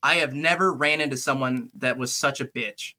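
Bright-voiced man telling a story. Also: medium pitch, moderate pace. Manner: swears freely, says "dude" a lot. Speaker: guest paranormal investigator. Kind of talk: casual storytelling.

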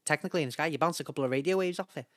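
A man co-hosting a podcast in casual, jokey chat, often trailing off quietly. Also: on the high side, rapid-fire, no echo, clean studio sound. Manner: jokey, trails off softly at ends of lines. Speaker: podcast co-host.

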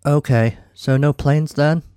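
A man's voice: on the high side, steady tone, unhurried, warm tone, clean tone, no echo, studio quality, voice pushed up, natural voice. A man voicing a glittery, pointy-eared young male elf who talks in a light, offhand, teasing way. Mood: breezy.

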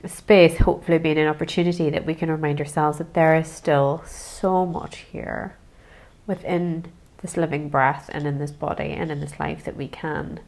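A woman hosting a self-help podcast, talking in a gentle, searching way with many pauses and soft hedges. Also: low voice, fairly even intonation, gravelly. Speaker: podcast host. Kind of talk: reflective self-help monologue.

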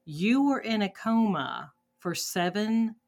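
A woman hosting a podcast interview, gently stepping in to let a moment sink in. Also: mid-range voice, big pitch swings, slow pace, vocal fry. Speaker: podcast host.

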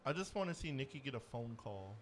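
A man's voice: medium pitch, big pitch swings, a little fast, slight background noise. Teasing guy on a wrestling radio show. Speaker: radio co-host. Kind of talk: casual radio chat.

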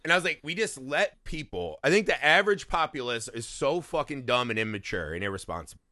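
Profane, animated American storyteller man. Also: medium pitch, brisk, no echo, studio quality. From Indiana, USA. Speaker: podcast co-host. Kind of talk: casual chat.

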